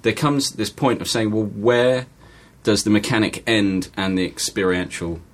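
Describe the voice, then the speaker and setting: A man's voice: fairly low pitch, steady tone, moderate pace. A man chatting on a panel, playful and wordy, holding forth at length on ideas. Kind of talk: casual panel chat.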